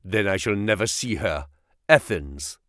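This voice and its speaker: A man's voice: fairly low pitch, expressive, measured pace, a bit bright, no echo, studio quality, voice pushed down. A man doing a starving, defiant captive.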